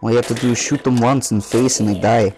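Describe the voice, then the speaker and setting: A man's voice: mid-range voice, fast talker, music in the background, close to an everyday voice, low-quality recording. A man doing a joking mock-Russian gamer. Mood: deadpan. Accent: put-on Russian. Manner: deadpan, trash-talking.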